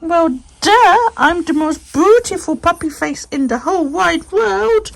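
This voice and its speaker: A woman's voice: very high voice, expressive, unhurried, vocal fry, slight background noise, pitched above the performer's own voice, heavily acted. A woman voicing a vain, smug old female pet dog who calls herself the most beautiful. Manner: smug, self-admiring.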